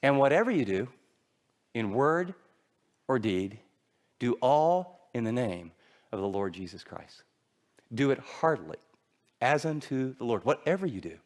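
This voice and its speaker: A middle-aged pastor delivers a sermon, telling stories with lots of animation and performing the voices of the characters in them. His voice sits in the mid range, and he speaks unhurriedly with long pauses.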